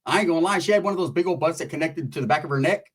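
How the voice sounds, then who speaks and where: Husky man telling a crude story. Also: fairly high pitch, racing. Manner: rambling, crude, laid-back. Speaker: comedian. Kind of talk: profane comic storytelling.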